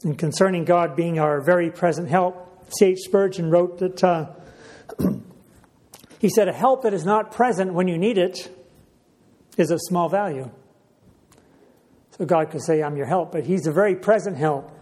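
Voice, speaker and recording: A man preaching a sermon in a measured way, repeating key phrases for emphasis and often clearing his throat. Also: high voice, a little mellow.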